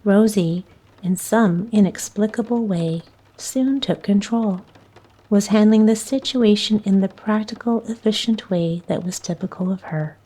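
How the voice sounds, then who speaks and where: A woman reading a bedtime chapter book aloud in a calm, soothing way. Her pace is very slow and her tone is soft and darker, with an unhurried, mellow warmth. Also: medium pitch, slightly rough. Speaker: narrator. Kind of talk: sleepy bedtime story reading.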